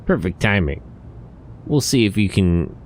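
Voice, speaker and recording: Guy doing a cocky game crime boss, big swings in pitch, taunting then cooing like a softie over his kitty. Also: big pitch swings, measured pace, a little hiss or hum. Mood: menacing. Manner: swaggering threats, then cooing baby talk. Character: boastful scheming male crime boss, doting on his cat.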